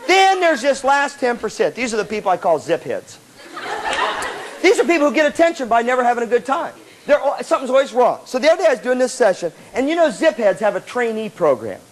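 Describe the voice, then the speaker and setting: Brief: high-voiced male speaker, animated storyteller, lively live seminar delivery. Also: fast, slight background noise. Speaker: motivational speaker to student bands.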